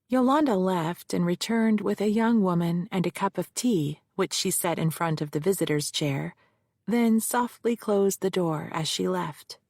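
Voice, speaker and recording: A woman reads a first-person mystery in a measured, even way. Her voice sits low and carries a gravelly rasp. The recording is dry and close to the mic. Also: no echo. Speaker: audiobook narrator. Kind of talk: scripted first-person narration.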